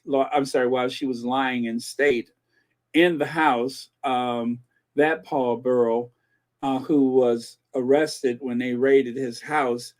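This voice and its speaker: A man hosting a commentary channel in casual chat, laughing and repeating himself as he rambles. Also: mid-range voice. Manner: chatty, slow, laughs between words, repeats himself.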